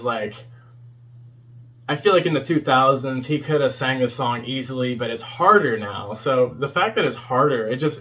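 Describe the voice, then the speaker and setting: A young man in his twenties speaks with a bright, forward voice at a middle pitch. He talks casually and rambles, filling his review with ums, you-knows and small chuckles. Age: 20s. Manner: rambling, heavy with fillers and chuckles. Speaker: fan video host reviewing a concert performance.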